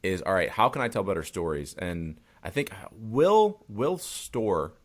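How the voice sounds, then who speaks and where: A man's voice: on the low side, wildly swooping pitch, unhurried. A man hosting a podcast interview, talking in a loose, chatty way and swearing casually. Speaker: podcast host.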